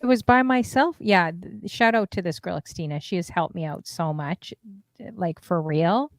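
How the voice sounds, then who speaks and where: A woman's voice: fairly low pitch, normal speed, dry recording. A woman hosting a casual interview, talking in a chatty, rambling way with lots of fillers and some exasperation. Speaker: interview host and DJ streamer.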